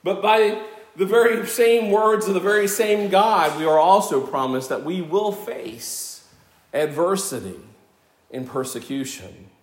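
A man's voice: sits high, a little slow. A man in his fifties preaching a sermon, earnest and conversational, with self-deprecating asides. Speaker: pastor. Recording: echoey church room.

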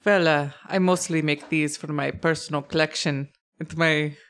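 A woman voicing a gruff, polite older male dwarf who whittles. She speaks formally and haltingly, with a faint put-on foreign accent. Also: low voice, fairly even intonation, fairly bright tone. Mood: mild. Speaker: game master voicing a dwarf.

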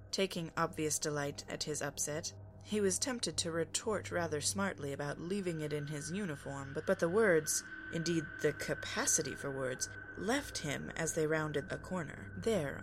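A woman podcast reader narrating a fan story in a calm, even way. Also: low-pitched, normal speed, slight background noise. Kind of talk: scripted narration.

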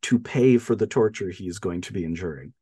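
With a low, dark, slightly rough voice and a fairly quick pace, this man co-hosts a podcast. He recaps a film casually and with animation, laughing a lot and filling his speech with fillers.

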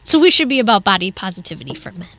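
A woman's voice: medium pitch, big pitch swings, rapid-fire, fairly bright tone, no room sound. A woman chatting on a morning radio show, rambling a bit and restarting her sentences as she explains her views. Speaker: radio co-host. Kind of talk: casual radio banter. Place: radio studio.

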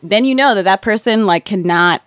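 A woman chatting casually, blunt and profane, telling an animated story. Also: medium pitch, normal speed, dry recording. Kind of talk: casual chat.

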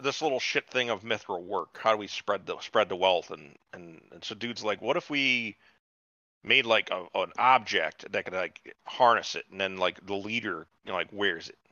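A man co-hosting a casual podcast, animated and profane, acting out characters as he retells scenes. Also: lowish voice, normal speed, no echo, dull audio. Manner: animated, swears a lot, acts out characters mid-story. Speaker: podcast co-host. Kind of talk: casual profane recap chat.

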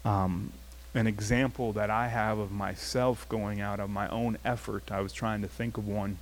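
A man's voice: fairly low pitch, normal speed. A man preaching a sermon as pastor, in a conversational style and telling a personal story. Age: adult, past his teens. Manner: conversational, animated storytelling with acted quotes.

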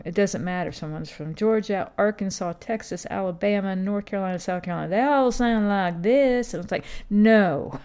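Rambling low-voiced woman in her fifties. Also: a little mellow. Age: 50s. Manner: meandering, many fillers and restarts. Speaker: podcast host. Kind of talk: casual rambling monologue.

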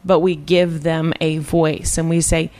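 A woman's voice: sits low, little pitch movement, a little slow, dark tone. A woman, a mother and podcast guest, chatting playfully and giving everyday examples in a casual way. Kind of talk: casual chat.

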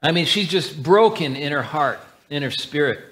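A man's voice: fairly high pitch, animated, normal speed, fairly bright tone. A man preaching a sermon as a church elder, in an earnest, conversational way with frequent restarts.

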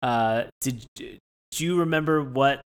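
A man's voice: mid-range voice, unhurried, smooth. A man co-hosting a casual podcast chat, rambling with many restarts and frequent laughter. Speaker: podcast co-host.

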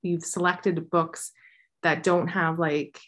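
Lower-voiced woman recommending books. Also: little pitch movement, takes it slowly, fairly bright tone. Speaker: book podcast co-host. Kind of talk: casual book review chat.

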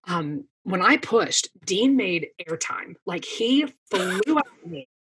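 A woman's voice: fairly low pitch, animated, takes it slowly, noisy background. A woman in her thirties, a podcast guest, telling a long story in casual chat with plenty of fillers. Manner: chatty storytelling with many fillers.

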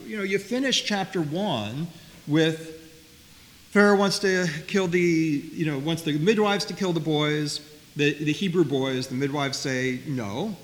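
A man teaching a Bible study class, talking in a lively way, often repeating words and asking his listeners questions. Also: fairly high pitch, a little slow. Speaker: Torah teacher. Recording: faint hiss, long reverb.

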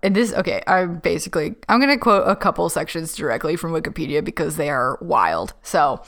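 A woman's voice: low voice, expressive, a bit bright. A woman co-hosting a casual podcast, retelling a story with frequent fillers and laughs. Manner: chatty, laughs often, drawn-out fillers. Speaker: podcast co-host. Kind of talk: casual chat, recounting a story.

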